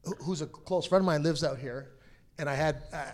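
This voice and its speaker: A middle-aged man, a hockey player's father, telling a story in a casual, animated way and acting out the people he quotes. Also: fairly high pitch, fairly quick.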